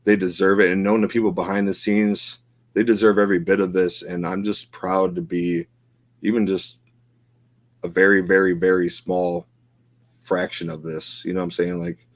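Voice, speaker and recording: A man's voice: low voice, flat delivery, normal speed, dry recording. A middle-aged man co-hosting a podcast, talking in an emotional, rambling way with lots of fillers. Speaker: podcast co-host. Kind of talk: casual chat.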